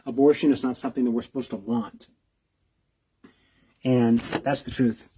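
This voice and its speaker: A man's voice: mid-range voice, steady tone, moderate pace, mellow, slight background noise. A man, a video blogger, giving reaction commentary, repeating himself with rhetorical questions and restarts.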